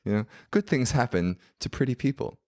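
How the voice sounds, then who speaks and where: Man playing a vain young tree spirit woman, lifted pitch, breezy and flattering. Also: fairly quick, no room sound, natural voice.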